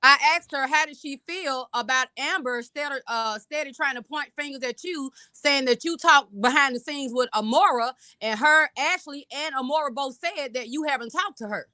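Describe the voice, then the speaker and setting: A woman's voice: sits high, normal speed, few pauses, pushed and bright, no room sound, studio quality. A woman on a live online panel, pointed and insistent, cutting in to correct others. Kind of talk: heated casual panel chat.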